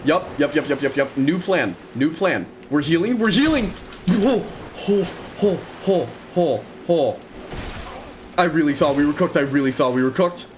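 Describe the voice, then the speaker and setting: A young man gives a running commentary on his game, his voice jumping up and down as he reacts. He repeats words in quick bursts and stays chatty throughout. Faint game sounds play under him. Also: a little high, animated, a little hiss or hum. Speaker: gaming streamer.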